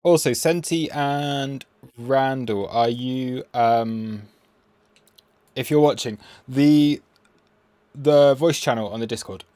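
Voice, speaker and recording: A man's voice: medium pitch, slow, darkish tone, dry recording. A man hosting a casual live stream about crypto trading, rambling and self-mocking as he reads the chat aloud.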